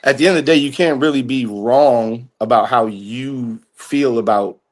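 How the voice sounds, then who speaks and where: A man's voice: mid-range voice, normal speed. Hedging, thoughtful man. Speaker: guest. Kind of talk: casual chat.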